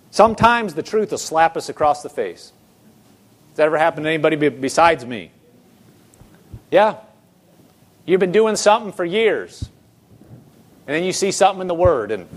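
Male pastor, high voice, earnest sermon delivery with acted-out inner voices. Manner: earnest preaching, quotes scripture, acts out inner dialogue.

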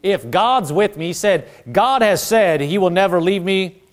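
A pastor preaches a lively sermon, having the congregation repeat after him in call-and-response. He's conversational and full of asides, speaking at a measured pace in a high voice.

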